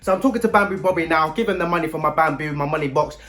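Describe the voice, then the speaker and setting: A man telling a story to camera in animated, slang-heavy casual chat. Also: fairly high pitch, very fast. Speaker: vlogger.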